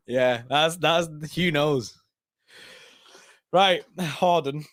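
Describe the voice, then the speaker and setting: Young male co-host, casual and animated, dry close sound. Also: fairly high pitch, drawn-out words, no echo. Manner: animated, laughs often, lively bursts. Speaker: co-host of fan live stream. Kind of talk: casual chat.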